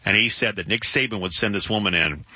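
A man hosting a sports radio show, telling a story in a loose, animated way and laughing along with his co-host. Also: on the low side, fast, husky, dry recording, muffled recording. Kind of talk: casual radio chat.

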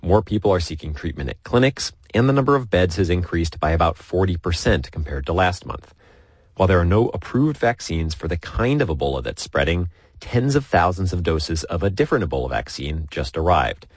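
Deep, husky male news reporter. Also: big pitch swings, fairly quick, no echo. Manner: clear, scripted reporting.

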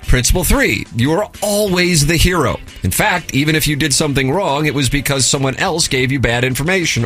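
A man's voice: on the high side, animated, fairly quick, fairly bright tone, soft background music. Sarcastic man reading listener emails. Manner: mock-formal, sarcastic delivery. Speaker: radio host reading listener messages. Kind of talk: reading emails aloud on air.

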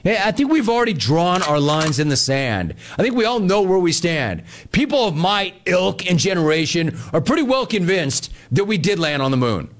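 A man's voice: sits high, sing-song, moderate pace, few pauses. A man hosting sports talk radio, riffing sarcastically and telling stories to his listeners.

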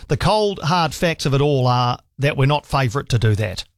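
A man's voice: medium pitch, expressive, moderate pace, dry recording, studio quality. Chatty New Zealand talkback host, man. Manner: chatty, hesitant restarts, mate-style banter. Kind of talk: talkback radio hosting. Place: radio studio. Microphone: studio microphone.

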